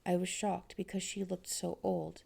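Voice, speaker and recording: A woman narrates a short story in the first person at a calm, measured pace. Her voice is low, strongly gravelly and dark, with a mellow warmth. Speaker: audiobook reader.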